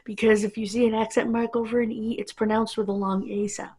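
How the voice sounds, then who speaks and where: A woman's voice: a little high, level tone, brisk, darkish tone, husky. A woman vlogger talking to camera in a casual, rambling monologue that wanders between tangents.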